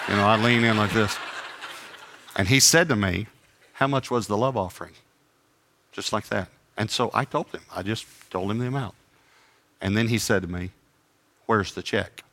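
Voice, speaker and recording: A middle-aged male preacher telling a sermon story, acting out each side of a conversation with self-deprecating humor. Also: lowish voice. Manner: animated anecdotes with acted-out dialogue and self-deprecating humor. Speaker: traveling preacher.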